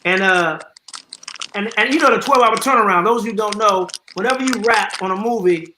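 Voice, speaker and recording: A man on a video call, telling stories in a loose, animated way and repeating his words as he gets going. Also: high-pitched, brisk. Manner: animated, repeats words when starting a story. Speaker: guest actor. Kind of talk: casual storytelling on a video call. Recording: echoey room with faint noise.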